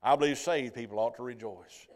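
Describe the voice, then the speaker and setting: A man's voice: mid-range voice, brisk, a little mellow. A man preaching a sermon in a folksy storytelling way, often asking the congregation "Amen?". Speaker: pastor.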